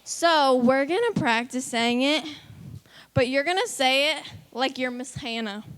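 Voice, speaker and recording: A woman's voice: high-pitched, measured pace, noisy background. A woman leading a kids' church lesson, upbeat and coaxing as she calls out countdowns to the children. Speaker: children's ministry leader.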